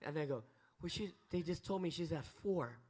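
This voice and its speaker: A man's voice: on the high side, expressive, moderate pace, a little mellow, husky. A man telling a story on stage at a live event, acting out the other people's lines in changed voices. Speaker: musician sharing a story on stage.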